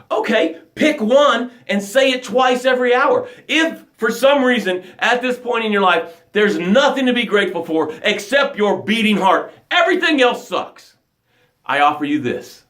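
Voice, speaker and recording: A man gives an expressive, coach-like pep talk at normal speed in a room full of echo. His fairly high voice is emphatic, surging into loud bursts and falling to near-whispers.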